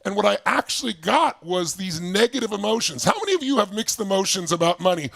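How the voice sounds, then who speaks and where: A man in his sixties with a high, gravelly voice gives an animated motivational talk, acting out past conversations as he tells his story. The sound is dry and close, with almost no room echo. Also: fast talker. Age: 60s. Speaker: motivational speaker. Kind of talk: motivational talk to an online audience. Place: home basement.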